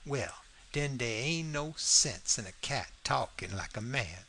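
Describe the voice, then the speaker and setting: A man's voice: mid-range voice, animated, unhurried, sharp tone, slightly rough, exaggerated voice. A man reading the part of a stubborn, plain-spoken grown man in a storybook, with a heavy rural dialect and a blunt, argumentative way of talking.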